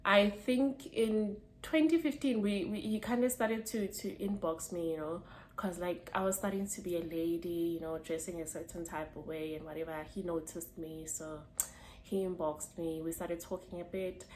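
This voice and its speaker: A woman's voice: on the low side, fairly even intonation, moderate pace, darkish tone, a little hiss or hum. A young South African woman telling a personal story to camera in a chatty, slangy way, laughing as she goes. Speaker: vlogger. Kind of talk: casual storytime.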